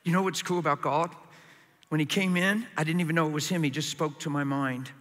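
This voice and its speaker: A man preaching a sermon with passion, swinging from quiet, confiding lines to loud, urgent ones. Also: on the high side, fairly even intonation, brisk. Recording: hall reverb.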